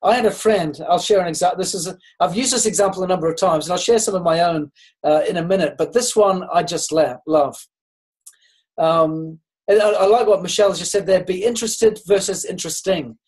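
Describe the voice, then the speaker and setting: A man with a fairly high voice gives a motivational training talk. He speaks unhurriedly, pausing and restarting his sentences. He acts out the dialogue in his stories. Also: a little mellow, poor audio. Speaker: network marketing trainer.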